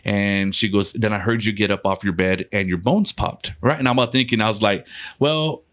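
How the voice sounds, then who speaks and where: A man's voice: lowish voice, moderate pace, fairly bright tone. A man from West Texas, a podcast guest, telling a ghost story in a loose, conversational way, swearing and laughing between lines.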